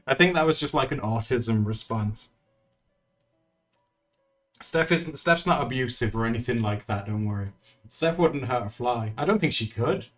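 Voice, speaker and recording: A man's voice: medium pitch, animated, moderate pace, pauses often, a bit bright, faint music behind. A man streaming live, chatting casually with his viewers in a teasing way and laughing often.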